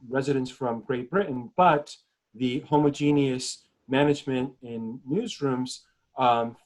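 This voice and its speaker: A man from the New York metropolitan area, speaking as a journalist guest in a video call panel, measured, often repeating words as he starts a point. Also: medium pitch, a little mellow.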